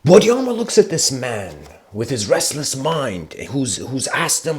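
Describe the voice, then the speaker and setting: A man giving a livestreamed spiritual talk, telling stories reflectively and slowing down for emphasis. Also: fairly high pitch, big pitch swings. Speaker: spiritual lecturer.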